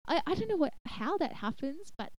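A woman's voice: sits high, very animated, fairly quick, darkish tone, slight background noise. A young woman co-hosting a podcast, chatting casually with lots of giggles and "like". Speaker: podcast co-host.

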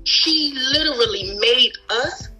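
Woman guest in her thirties, high bright voice, passionate and playful. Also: slow, faint music behind, rough recording. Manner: playful and passionate, laughs often. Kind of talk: podcast interview.

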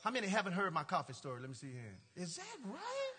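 A male pastor telling a story from the pulpit in an animated, playful way, laughing and talking straight to the congregation. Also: sits high, fast talker, noisy background. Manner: colloquial, drawling "y'all" and "ain't". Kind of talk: storytelling sermon.

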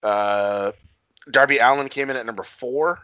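A man's voice: mid-range voice, moderate pace, clear, resonant tone, no echo, muffled recording. A man chatting casually as a co-host, rambling with lots of fillers, restarts and swearing. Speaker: podcast co-host recapping wrestling. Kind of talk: casual chat.

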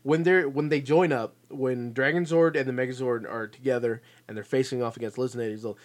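A man's voice: mid-range voice, fairly even intonation, fast talker, hardly any pauses. Laid-back man chatting about a show. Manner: laughs often, lots of fillers and restarts. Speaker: podcast co-host. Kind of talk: casual chat about a TV show.

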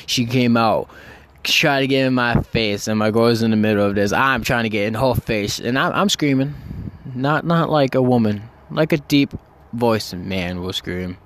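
A young man telling a story in a casual, rambling way, excited and swearing often. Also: medium pitch, moderate pace, a little hiss or hum. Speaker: vlogger.

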